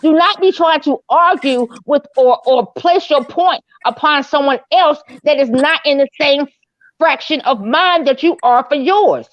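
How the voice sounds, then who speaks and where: A woman with a high voice presses her point over and over in a heated online audio debate. She sounds insistent and keeps asking to be respected. The sound is dry and dull, like a lo-fi voice-chat stream. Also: a little slow, dry recording. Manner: insistent, repeats herself, pleads for respect.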